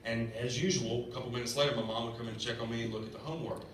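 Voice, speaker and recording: A man in his thirties delivers a sermon in an earnest, conversational way, often stammering and repeating his words. He sits at an average pitch for a man and sounds set back from the microphone. A heavy church echo surrounds him. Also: fairly even intonation, racing. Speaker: lay preacher. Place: church sanctuary. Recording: echoey church room from far off, faint hiss. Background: congregation responding.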